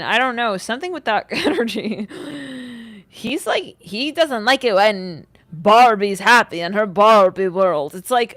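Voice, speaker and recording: A young woman giving a casual livestream tarot reading, talking in an animated way with lots of "like", swearing and sudden outbursts. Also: mid-range voice, no echo. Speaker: tarot reader.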